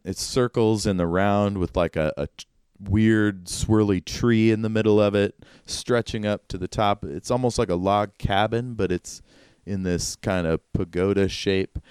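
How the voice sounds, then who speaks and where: Low-voiced, smooth male game master. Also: a little slow, darkish tone, dry recording, clean studio sound. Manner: loose, chatty, full of "like" and laughs. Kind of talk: narrating a tabletop game.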